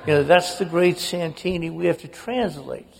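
A man's voice: on the high side, normal speed, gravelly, darkish tone, slight background noise. An older man, a guest author, telling a humorous, self-mocking family story on stage in a large auditorium. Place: large auditorium before an audience. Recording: long reverb of a big hall.

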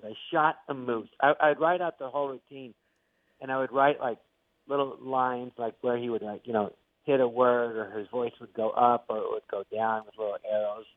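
In a casual interview, a middle-aged actor and comedian tells animated stories as the guest, performing the quotes himself. He has a medium-pitched voice and talks fairly quickly. The audio is a tinny, dry phone line with no echo.

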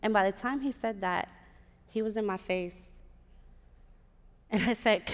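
A woman from Puerto Rico tells a personal story live on a theater stage into a stage mic. She is animated and throws in sassy asides to the crowd. Her mid-pitched voice carries a long hall reverb. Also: slow, long pauses.

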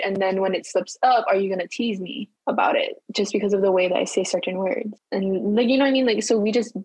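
A young woman from Hawaii speaks with a light Hawaiian accent, chatty and candid, breaking into easy laughter. Her voice sits at a middling pitch. The recording is dry and close, with no room sound. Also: no echo, rough recording. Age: young adult. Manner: chatty and candid, laughs easily, quick bursts. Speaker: university student guest. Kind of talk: casual interview conversation.

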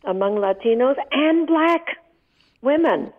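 A woman's voice: high-pitched, lively intonation, slow. A woman in her eighties, a guest telling heartfelt stories in an emotional, vivid way during a radio interview. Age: 80s. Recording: tinny phone line.

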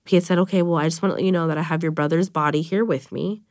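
A woman's voice: low-pitched, fast, few pauses, a little mellow, no echo, clean studio sound. A young woman in her twenties speaking bluntly and candidly in an interview, saying "like" often. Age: 20s. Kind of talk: emotional interview recollection.

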